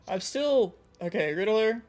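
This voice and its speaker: A man's voice: high-pitched, lively intonation, unhurried, darkish tone, soft background music. A young man streaming a co-op game, bantering and joking with friends and chat. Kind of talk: casual gaming stream chat.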